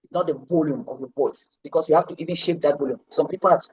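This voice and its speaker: A woman's voice: low-pitched, quick pace, darkish tone, husky, no room sound, highs cut off. A woman coaching public speaking in a live online lesson, stressing and repeating her key words. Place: indoors, seated.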